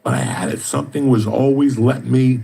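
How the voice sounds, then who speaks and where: A man's voice: medium pitch, fairly even intonation, fairly quick, vocal fry, dark tone, slightly rough. A middle-aged man, telling profane, streetwise stories in casual chat. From New Jersey. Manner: streetwise, swears constantly, tells stories with mimicked dialogue.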